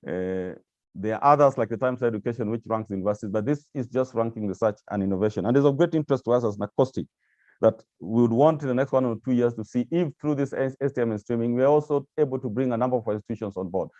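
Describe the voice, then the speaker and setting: A man's voice: mid-range voice, fast talker, a little mellow, dry recording, muffled recording. A man giving a presentation with slides to staff of agencies, speaking hesitantly with many repeated words and fillers. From Kenya.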